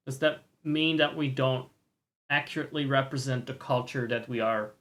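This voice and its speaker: A man's voice: medium pitch, normal speed, fairly bright tone. A man streaming live and reacting to a game trailer, ranting with opinions, swearing and mocking voices.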